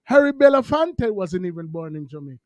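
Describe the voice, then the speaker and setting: High-voiced man in a dry close room. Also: big pitch swings, a little fast, darkish tone, dry recording. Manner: agreeable, brief affirmations. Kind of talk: casual chat.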